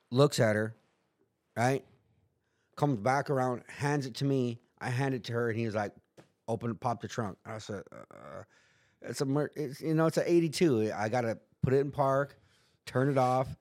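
A man's voice: medium pitch, darkish tone. A man telling a story in casual chat, rambling and profane, acting out quotes in put-on voices. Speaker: guest.

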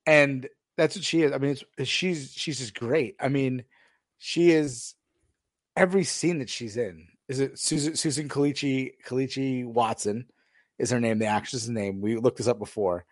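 A man's voice: medium pitch, moderate pace, no echo. A man co-hosting a casual TV recap podcast, acting out scenes as he retells them. His voice sits in a middling register. The sound is dry and close. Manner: animated retelling, acts out scenes. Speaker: podcast co-host.

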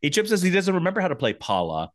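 A man's voice: sits high, huge pitch swings, racing. A man co-hosting a TV rewatch podcast, casually recapping the plot scene by scene and chiming in with agreeing yeahs. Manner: retells plot scene by scene, acting out character lines, frequent agreeing yeahs. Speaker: podcast co-host.

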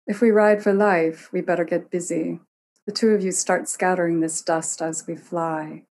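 An urgent, mystical goddess leading a wild hunt, pressing her companions to hurry, as a woman reading a storybook voices her. Her voice sits low, over a faint hiss. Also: fairly even intonation, normal speed, a little mellow, natural voice.

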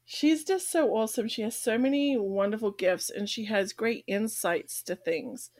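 A woman co-hosting a podcast in casual chat, bubbly and quick to laugh. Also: medium pitch, a little mellow, dry recording, clean studio sound. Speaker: podcast co-host.

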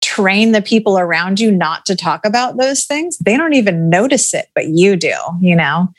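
A woman's voice: medium pitch, expressive, normal speed. A middle-aged woman talking casually as a guest, chatty and laughing often, full of filler words. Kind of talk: casual podcast conversation.

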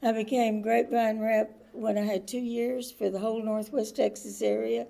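A woman's voice: a little high, little pitch movement, moderate pace, creaky, dark tone. A woman giving earnest interview answers at a conference. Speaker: conference attendee, AA member.

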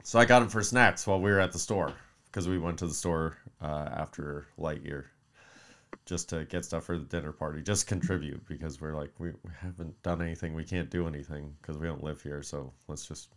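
A man in his thirties, a podcast co-host, telling a long story in casual chat, animated and profane, acting out quotes. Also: very deep voice, brisk. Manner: mimics voices in quotes.

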